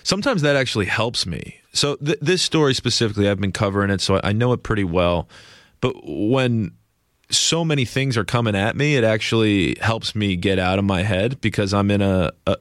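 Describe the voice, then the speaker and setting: Low-voiced, reflective male news correspondent. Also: expressive, brisk, no room sound, studio quality. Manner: reflective, self-deprecating storyteller. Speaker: news correspondent, interview guest. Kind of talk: casual interview chat.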